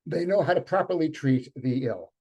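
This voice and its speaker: A man's voice: a little high, expressive, normal speed, dark tone, slightly rough. An older man leading a community reading, who reads Yiddish lines and explains words step by step in an informal lecture, thinking aloud with fillers. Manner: switches between English and read Yiddish lines.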